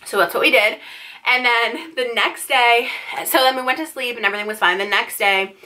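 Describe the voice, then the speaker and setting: Bright-voiced chatty young woman. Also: a little high, fairly quick. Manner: chatty, fillers of "like", candid. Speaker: vlogger. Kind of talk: casual storytime.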